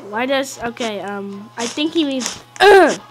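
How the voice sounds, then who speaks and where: A woman giving casual gameplay commentary, excitable, often yelling and taunting at the game. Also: a little high, a little slow, heavy background noise. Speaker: gaming video host.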